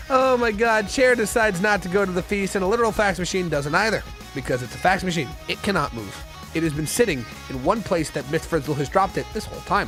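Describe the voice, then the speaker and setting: A young man streaming a game, reacting excitably, swearing and yelling at what happens. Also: sits high, normal speed. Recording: music playing behind.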